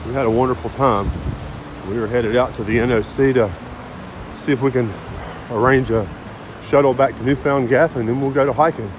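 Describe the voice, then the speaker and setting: A man's voice: mid-range voice, fairly even intonation, fairly quick, noisy background. A man talking to camera as a thru-hiker vlogger outdoors on a mountain trail, upbeat, grateful and chatty, recorded on a handheld phone. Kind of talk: casual outdoor vlog talk to camera.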